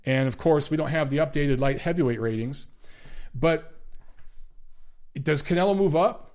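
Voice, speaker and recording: Guy ranting about boxing on a stream, sarcastic and sweary, voice on the higher side. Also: moderate pace, a little mellow. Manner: blunt, sarcastic, swears freely. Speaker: boxing analyst and ratings panelist. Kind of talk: livestream commentary answering chat.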